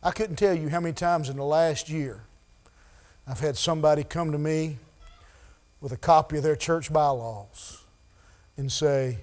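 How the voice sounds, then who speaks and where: A man preaching a sermon in a church, building from quiet talk to loud, high-pitched preaching. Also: fairly even intonation, normal speed. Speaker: pastor.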